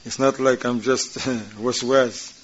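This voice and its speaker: A man teaching a class, reading Arabic passages quickly and then explaining them in informal, conversational English while asking his students questions. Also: mid-range voice, steady tone, husky. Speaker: religious teacher. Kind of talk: class explaining a religious text. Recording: dull lo-fi recording.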